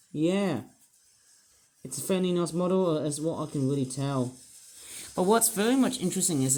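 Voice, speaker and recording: A man's voice: a little high, darkish tone, low-quality recording. A man reviewing toy figures and rambling with puns and fillers as he unboxes them. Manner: rambling, punning, full of fillers. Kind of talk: unboxing commentary.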